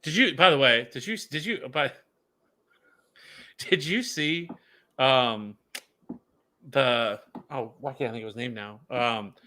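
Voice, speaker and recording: Male co-host, bright tone, loose rambling delivery full of restarts. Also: medium pitch, takes it slowly, pauses often. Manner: rambling, many restarts and fillers. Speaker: fantasy football co-host. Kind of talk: casual podcast chat.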